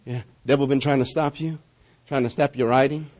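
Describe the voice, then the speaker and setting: A man preaching a sermon as a pastor, animated and often laughing, swinging from loud calls to quiet, hushed passages. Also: mid-range voice, brisk. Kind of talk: lively sermon.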